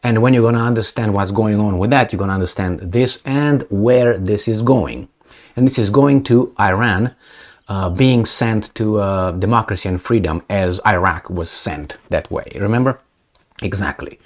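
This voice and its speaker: A man's voice: fairly low pitch, normal speed. A man giving casual, sarcastic commentary on news clips, with many fillers and restarts.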